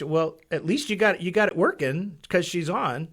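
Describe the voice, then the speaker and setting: A man hosting a casual church live stream, chatty, with halting restarts and easy laughter. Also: a little high, a bit bright. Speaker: church webcast host.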